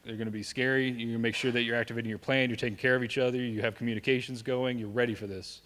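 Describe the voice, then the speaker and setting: A man's voice: mid-range voice, fairly even intonation, rapid-fire, a bit bright. Joking Southern man presenting in a hall. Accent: Southern American. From American South. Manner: joking, conversational, asks the room "right?". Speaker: safety presenter. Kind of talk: live presentation to an audience. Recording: long hall reverb.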